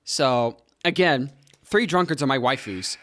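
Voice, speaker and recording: A man's voice: medium pitch, measured pace, fairly bright tone. A young man co-hosting a podcast in casual chat, rambling and joking and losing his train of thought. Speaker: podcast co-host.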